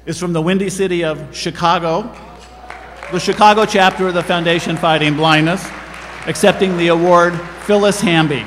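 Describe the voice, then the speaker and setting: An earnest male presenter reading award citations in a large hall. His fairly high voice carries long reverb, with faint noise in the background. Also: fairly even intonation, normal speed, a bit bright. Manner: earnest, formal.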